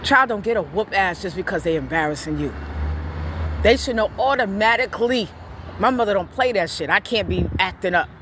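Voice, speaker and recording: A woman giving blunt, profane parenting opinions in a casual vlog rant, telling stories in an animated way. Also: medium pitch, a little fast, background noise.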